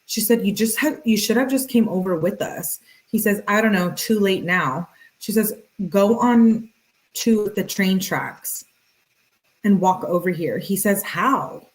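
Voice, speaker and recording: A woman hosting a true-crime video, reading text messages aloud in a flat, matter-of-fact voice with casual asides. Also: mid-range voice, moderate pace, hardly any pauses, low-quality recording.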